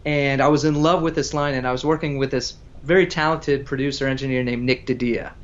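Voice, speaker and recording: A man's voice: mid-range voice, fairly even intonation, fairly quick, lo-fi sound. A man chatting casually as a guest musician, telling a story in a rambling, self-interrupting way. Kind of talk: casual livestream chat between songs.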